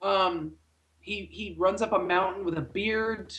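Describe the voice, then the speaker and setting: A man co-hosting a podcast in casual movie chat, talking in an animated way with wry, joking asides. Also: sits high, measured pace. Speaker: podcast co-host.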